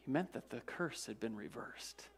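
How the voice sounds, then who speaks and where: A pastor preaching a sermon, retelling events dramatically. He repeats words as he goes, asks the congregation rhetorical questions, and swings from loud emphasis to hushed, low passages. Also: animated, normal speed, husky. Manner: dramatic storytelling with frequent word repetitions and restarts.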